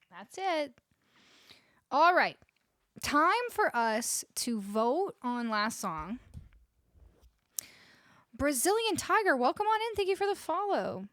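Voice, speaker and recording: A woman's voice: high-pitched, a bit bright, no room sound. A Canadian woman, a musician, chatting casually with viewers on her home livestream between songs and cooing at her dog, close to a studio mic. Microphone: studio vocal mic close up.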